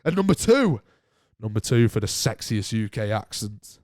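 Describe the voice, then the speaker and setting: A man's voice: fairly low pitch, very animated, normal speed, darkish tone, no room sound, studio quality. A young man hosting a solo podcast, rambling and joking at his own expense. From north of England. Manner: rambling, self-mocking, often laughing. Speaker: podcast host.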